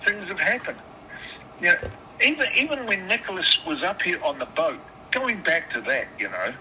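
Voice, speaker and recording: A man's voice: high voice, very animated, normal speed, sharp tone. Agitated swearing man on a phone. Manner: swears often, stammers and restarts. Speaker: caller. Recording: phone line with background noise.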